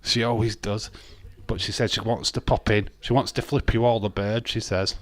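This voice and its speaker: A man with a fairly low, flat-pitched voice talks at normal speed on a wrestling watch-along stream. His casual live-stream chat is rambling and blunt, with repeated words and frequent laughter.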